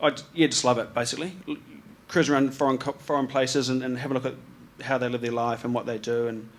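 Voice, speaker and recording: At a live event with an audience, a New Zealand man presents his photography slides, talking fast in a mid-range, level voice. He has a New Zealand accent and drifts along casually, restarting sentences, using slang and saying um a lot.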